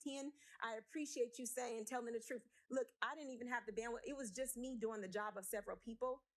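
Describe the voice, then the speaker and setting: Her voice sits on the high side, brisk and fairly even in intonation, as she argues her point before the city council. The speech is passionate, blunt and forceful.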